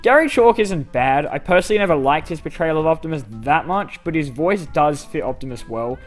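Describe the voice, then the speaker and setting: Young male YouTube host, slightly high voice, casual self-deprecating Q&A, faint music underneath. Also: lively intonation, fairly quick. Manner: self-deprecating, rambling with fillers. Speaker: YouTube channel host answering fan questions. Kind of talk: casual Q&A reading comments aloud.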